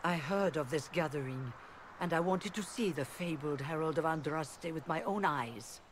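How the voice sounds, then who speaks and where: A woman's voice: low voice, moderate pace, lightly acted. A proud rebel mage leader, voiced by a woman, speaks in a formal, persuasive way. Her voice sits mid-range. Faint background noise runs behind the game dialogue. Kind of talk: video game voice acting.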